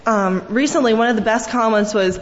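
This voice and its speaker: A woman's voice: on the high side, a little fast. A young woman speaking a fond, rambling eulogy in a large church, full of fillers as she tells family stories. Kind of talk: memorial eulogy. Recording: echoey hall, dull sound, faint hiss.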